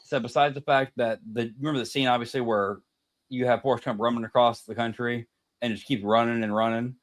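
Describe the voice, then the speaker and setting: A man's voice: medium pitch, fairly even intonation, a little fast. A man, co-hosting a casual podcast chat, telling a story and laughing at his own jokes. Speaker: podcast co-host.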